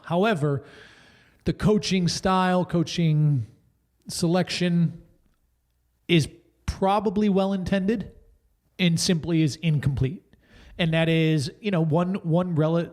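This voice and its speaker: A man's voice: a little high, a little mellow. A man co-hosting a casual podcast, rambling and correcting himself as he talks it through. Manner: rambling, self-correcting, jokey. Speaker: podcast co-host.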